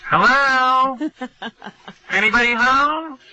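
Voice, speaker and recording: Brief: a man doing a high, fussy older mother voice, shrill and insistent, muffled lo-fi radio sound. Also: slow pace, music in the background. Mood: insistent calling. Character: fussy older mother yelling into an answering machine.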